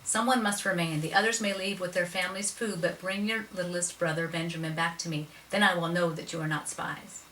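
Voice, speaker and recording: Lady reading a stern commanding ruler, bright voice, echoey and a bit far off. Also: fairly low pitch, steady tone, fairly quick, few pauses, a little hiss or hum, lightly acted. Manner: commanding, accusing. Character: stern powerful ruler, a grown man. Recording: roomy, from a distance.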